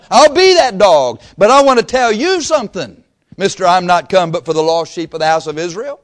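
A woman's voice: fairly low pitch, expressive, moderate pace, voice pushed up, close to an everyday voice. A man acting out a desperate mother who keeps pleading for her daughter, with a bold, insistent manner. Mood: defiant.

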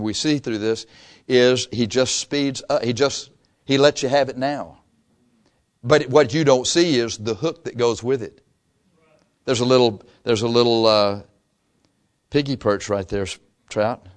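A man preaching a sermon in a folksy, animated way, reading scripture briskly and dropping to low asides between loud points. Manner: reads scripture in a brisk run.

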